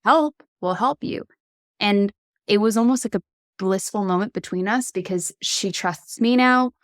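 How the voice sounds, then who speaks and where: A woman who is a guest on a podcast, telling work stories in an animated, casual way and acting out the other people's lines. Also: medium pitch, measured pace, no echo, clean studio sound. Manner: animated storyteller, acts out dialogue. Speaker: podcast guest, agency founder. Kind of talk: casual conversational interview.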